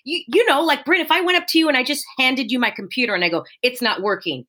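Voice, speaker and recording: A woman's voice: sits high, racing. A woman who teaches spin classes, chatting casually and telling a story with lots of acted-out quotes. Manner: animated storyteller, acts out quoted voices. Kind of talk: casual podcast chat.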